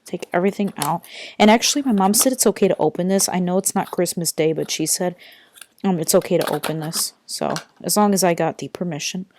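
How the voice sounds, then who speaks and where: Tired and chatty, a young woman rambles through a casual unboxing vlog in her bedroom, using plenty of fillers. Her fairly low, a little mellow voice runs a little fast, captured on a built-in computer mic with slight hiss or hum.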